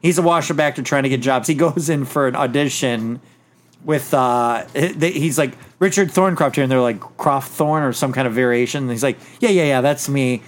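A man casually retelling a film's plot on a podcast, rambling with many fillers and slipping into quick acted quotes. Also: mid-range voice. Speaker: podcast host reviewing a film. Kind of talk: casual chat.

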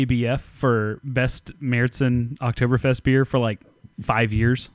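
A man's voice: medium pitch, little pitch movement, moderate pace, no room sound. A man hosting a casual podcast, blunt, emphatic and full of swearing. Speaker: podcast host. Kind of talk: casual profane podcast chat.

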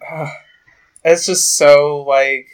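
A man hosting a podcast who breaks into excitable, filler-heavy rants in casual comedic chat. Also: a little high, takes it slowly. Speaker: podcast host.

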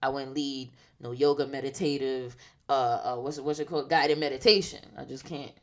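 A woman's voice: rumbling low, steady tone, a little fast. A woman, chatting playfully and animatedly as host. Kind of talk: casual chat.

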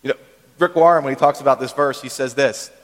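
A man preaching a sermon in a church, talking conversationally and checking in with the congregation with quick asides. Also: medium pitch, in a large hall. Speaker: pastor.

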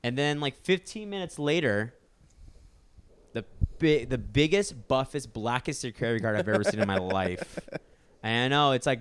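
A man's voice: mid-range voice, expressive, moderate pace, clear, resonant tone. A young man co-hosting a podcast, telling a story in casual chat and acting out other people's lines.

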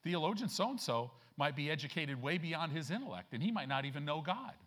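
A man's voice: big pitch swings, a bit bright. Emphatic folksy male pastor preaching. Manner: folksy, emphatic preaching with frequent "right?" checks; slows and rises in pitch and volume to stress scripture. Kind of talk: sermon. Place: church.

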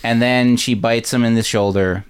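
A man co-hosting a podcast, giving a rambling, animated recap of a horror film. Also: mid-range voice, moderate pace, clean tone. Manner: rambling, animated retelling with quoted voices. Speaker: podcast co-host. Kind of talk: casual movie recap.

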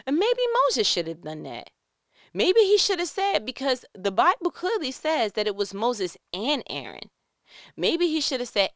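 Smooth-voiced woman preaching. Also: a little high, measured pace, no room sound, studio quality. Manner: animated, talks straight to listeners with rhetorical questions. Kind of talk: conversational sermon.

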